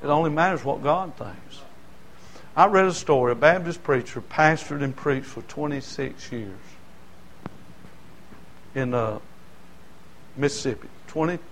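A male pastor, preaching a sermon that swings from quiet talk to shouting, repeating his phrases. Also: on the high side, low-quality recording.

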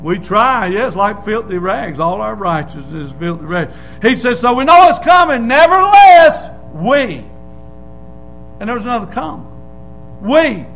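A man preaching a Baptist sermon, hollering and swinging from low asides to loud shouts. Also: low-quality recording. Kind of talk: fiery sermon. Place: church.

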